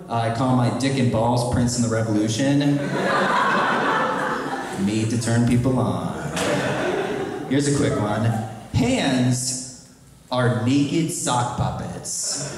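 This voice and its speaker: A young man performing a stand-up comedy set in a small live venue, delivering deadpan absurd one-liners and the occasional shouted animal voice. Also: mid-range voice, takes it slowly, long pauses, very noisy. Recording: echoey room taped from far off with crowd. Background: audience laughter.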